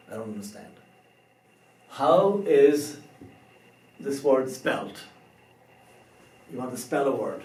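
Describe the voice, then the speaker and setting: A man teaching a beginner language lesson, slow and careful, spelling out words letter by letter. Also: mid-range voice, sing-song, darkish tone. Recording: roomy echo, somewhat far from the mic.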